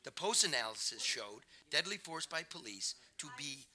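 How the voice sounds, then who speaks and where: Brash, bright-voiced male author reading. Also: medium pitch, big pitch swings. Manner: brash, profane, rapid-fire storytelling. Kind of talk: live reading and talk. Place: festival stage before an audience.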